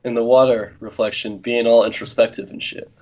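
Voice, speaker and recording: A man's voice: medium pitch, little pitch movement, a little fast, a little mellow, slight background noise. A man playing a tabletop game, joking casually about his character. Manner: joking, playful in-character asides. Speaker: player. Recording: dull lo-fi stream audio.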